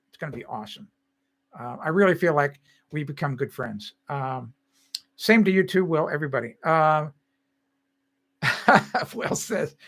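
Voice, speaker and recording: An older man signing off a live stream in loose, rambling chat with his viewers, laughing easily as he goes. His voice sits a little high for a man and comes across bright and forceful. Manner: chatty and rambling, laughs often.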